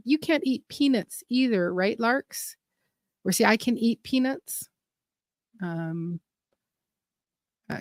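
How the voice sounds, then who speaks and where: A woman's voice: mid-range voice, no echo, studio quality. A woman hosting a gardening channel livestream, chatting casually and rambling as she reads viewer comments aloud.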